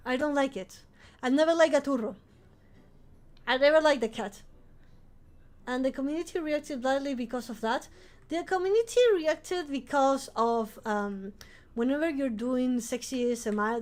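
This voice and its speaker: Woman streamer, high voice, rambling casual chat, faint music behind. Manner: rambling, chatty, with frequent laughs and restarts. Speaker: vampire-themed streamer.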